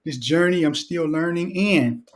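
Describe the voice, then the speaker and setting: A middle-aged man from Detroit, a guest author and educator, talking casually in an interview with a relaxed, joking, reflective manner. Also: on the high side, moderate pace. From Detroit, Michigan.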